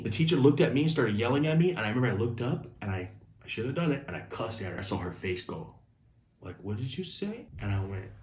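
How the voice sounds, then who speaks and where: A young man telling a casual story-time video, animated, speaking straight to his viewers. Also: mid-range voice, reverberant.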